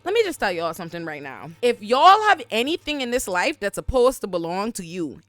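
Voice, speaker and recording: A young adult woman hosting a casual TV recap, talking in an animated, profane way with laughing asides. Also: on the high side. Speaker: TV recap host.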